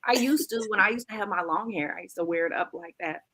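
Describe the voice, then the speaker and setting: A woman's voice: medium pitch, fast, bright, forceful tone. A woman hosting a live radio talk show, playful and joking, laughing often. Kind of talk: lively casual live-stream chat.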